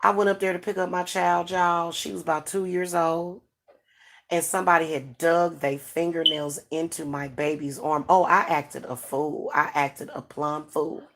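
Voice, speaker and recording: A woman's voice: sits low, level tone, normal speed, gravelly, fairly bright tone. A middle-aged woman, talking frankly and casually to her viewers, with many restarts and fillers. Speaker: spiritual advisor and channel host.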